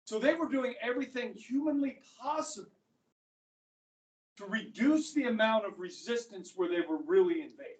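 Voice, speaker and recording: A man teaching a history class, telling the story with lively, acted-out quotes. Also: sits high, normal speed. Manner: animated storytelling, acts out quotes. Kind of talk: classroom lecture. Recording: echoey classroom, mic far off.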